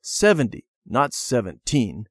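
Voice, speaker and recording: Brief: man voicing a sulky boy, near his own voice, lively pitch, dry. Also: normal speed, no echo. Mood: cross. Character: young boy, stubborn then forgiving.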